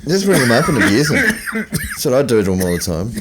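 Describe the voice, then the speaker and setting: A man's voice: medium pitch, very animated, brisk, heavy background noise. A man, co-hosting a podcast in casual, rambling chat, swearing freely and acting out stories. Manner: rambling, swears freely, acts out phone calls. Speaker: podcast co-host.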